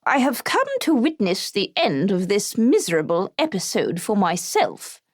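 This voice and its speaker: A woman voicing a stern, imperious elderly aristocratic lady, speaking slowly and firmly in an audiobook reading. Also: mid-range voice, very animated, no echo, clean studio sound. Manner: slow, measured, clipped.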